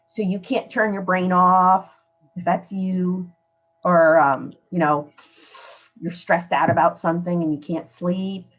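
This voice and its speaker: A woman's voice: fairly low pitch, fairly even intonation, a little slow, dull audio. A woman hosting a podcast, giving earnest, emphatic advice in a conversational way. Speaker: podcast host. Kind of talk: casual coaching talk.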